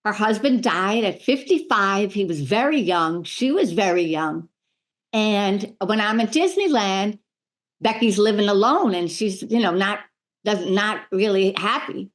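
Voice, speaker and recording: A middle-aged woman, a medium, telling lively stories in a podcast interview and acting out the voices of the people in them. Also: fairly high pitch. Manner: animated, acts out voices in her stories. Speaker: medium and spiritual healer, guest.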